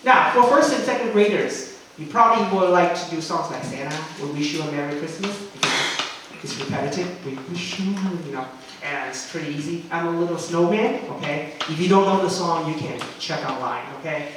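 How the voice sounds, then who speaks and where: Recorded at a distance in a very echoey room against a noisy background, a male English teacher trainer talks briskly in a fairly high voice. He is chatty, keeps asking "okay?" and demonstrates chants.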